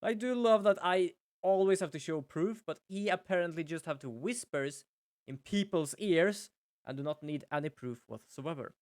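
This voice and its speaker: A man's voice: on the high side, moderate pace, no room sound, studio quality. Chatty young man streaming a game. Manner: chatty, rambling, self-deprecating. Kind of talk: casual gameplay commentary.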